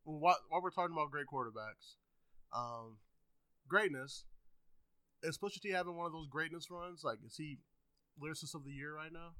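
A man co-hosting a podcast, chatting casually about music and food, mostly laid-back with sudden excited outbursts. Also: on the high side, brisk, pauses often, no echo, rough recording. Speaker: podcast co-host. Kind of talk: casual chat.

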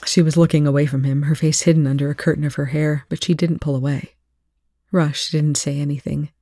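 A reader doing a proofreading read-aloud of a fiction chapter in a steady, plain narration, on a close home mic. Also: medium pitch, a little fast, no room sound.

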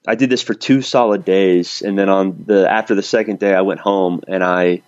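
A man's voice: low voice, fairly even intonation, moderate pace, darkish tone, no echo, muffled recording. A man telling a personal story in a casual conversation, candid and self-deprecating, laughing now and then. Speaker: podcast guest.

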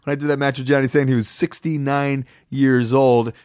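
A man's voice: medium pitch, level tone, moderate pace, darkish tone, no echo, studio quality. A man hosting his own podcast in a casual, rambling monologue, speaking from his apartment while sick with a cold. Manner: chatty, rambling, upbeat plugs. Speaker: podcast host. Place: studio apartment.

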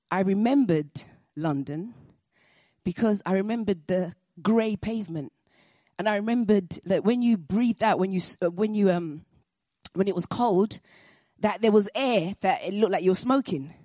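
A woman telling a personal story to an audience, animated and comic with laughing asides. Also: medium pitch, unhurried, long pauses, no room sound, clean studio sound.

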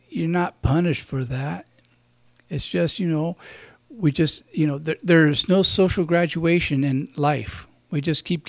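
A man, a priest hosting a radio program, giving a gentle, reflective homily and speaking directly to his listeners. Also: fairly high pitch, gravelly, dry recording. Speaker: priest and radio show host.

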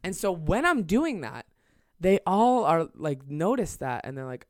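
A man's voice: fairly high pitch, big pitch swings, a little slow, no echo, clean studio sound. A young man telling a comedic story on a podcast, rambling and swearing, laughing as he goes. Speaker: podcast host.

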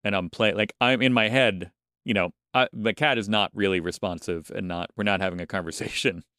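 A man with a low, smooth voice chats casually on a podcast. He halts and repeats words as he gathers his thoughts. The sound is dry and close. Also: pushed and bright, no echo. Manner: halting, many repeated words and fillers. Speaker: podcast co-host. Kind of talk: casual chat.

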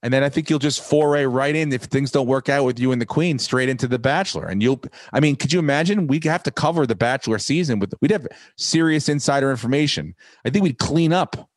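A man's voice: mid-range voice, quick pace, hardly any pauses, dry recording. Man, podcast host, casual cursing rants, very dry close sound. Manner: profane, rambling, animated rants.

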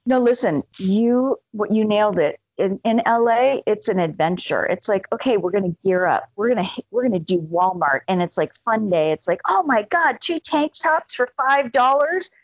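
This time the Arizona storyteller, mid-range at a moderate pace, barely pauses as she chats, curses liberally and imitates the people in her stories. The recording is dry and low quality.

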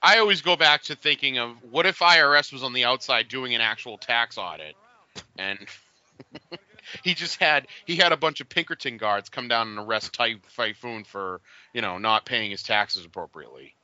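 A man in his forties chatting casually and telling an animated story, acting out the voices of the people in it. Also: mid-range voice, normal speed, no room sound, muffled recording. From Boston area. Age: 40s.

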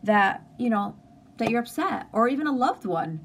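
A woman's voice: fairly high pitch, sing-song, moderate pace, slightly rough. A woman in her forties hosting a casual live stream, talking earnestly and openly about feelings. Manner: earnest, open and conversational, with emphatic lists. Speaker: host of an inspirational live stream.

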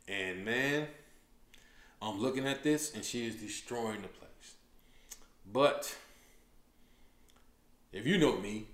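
A male comedian hosting his own show, telling stories in a loose, slangy, casual way and calling people "man" every few words. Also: fairly low pitch. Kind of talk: casual podcast chat. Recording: roomy echoey room.

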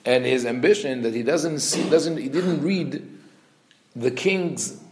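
A man giving an animated teaching talk. He often restarts and corrects himself mid-sentence, and he acts out the quotes he reads. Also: medium pitch, a little slow, background noise. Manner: frequent restarts and self-corrections. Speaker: religious teacher. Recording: roomy echo.

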